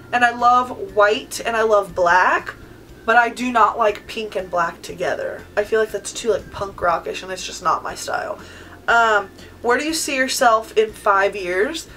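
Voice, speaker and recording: A woman's voice: fairly high pitch, a bit bright, slight background noise, poor audio. A woman in her twenties from California, answering viewer questions in a casual vlog, chatty and full of "like" and "um". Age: 20s. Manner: chatty, sprinkles in "like" and "um". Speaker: beauty vlogger.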